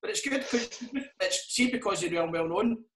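A man's voice: sits high, animated, normal speed, a bit bright. A Scottish man and comedian chatting casually on a podcast, swearing a lot and laughing through his stories. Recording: roomy echo.

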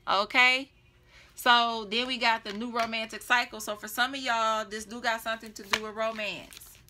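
A woman's voice: a little high, fairly even intonation, normal speed, noisy background. A woman giving a casual tarot reading, chatty and blunt, laughing often and swearing freely. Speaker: tarot reader.

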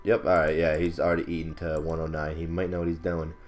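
Deep-voiced young man cursing over gameplay. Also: completely flat delivery, fast, darkish tone, soft background music. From not British. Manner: rambling, swears a lot, laughs at himself, outbursts of frustration. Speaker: gaming commentator. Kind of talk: casual gameplay commentary.

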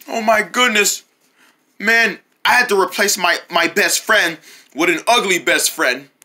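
Someone voicing an excitable, panicky cartoon guy who yelps and shrieks in alarm, in a homemade cartoon. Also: medium pitch, measured pace, full character voice. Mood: frantic.

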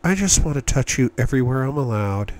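A man voicing a playful, teasing young woman in an audiobook, lifting his voice high and soft. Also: lively intonation, fairly quick, natural voice.

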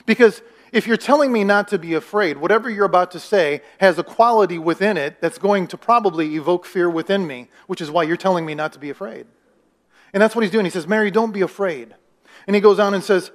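A man's voice: sits high, a little fast. A man preaching a sermon as pastor, talking conversationally, asking the congregation questions and acting out the voices of people in the story. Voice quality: acts out quoted voices in the story.

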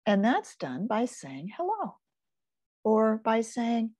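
An older woman teaching in a gentle, soothing manner, sometimes dropping to a soft whisper. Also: a little high, wildly swooping pitch, slow, no room sound. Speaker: focusing teacher. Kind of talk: gentle guided teaching talk.

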